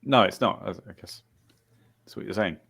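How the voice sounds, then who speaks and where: A man co-hosting a podcast in casual chat, teasing the others with quick interjections. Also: lowish voice, creaky, fairly bright tone, husky. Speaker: podcast co-host.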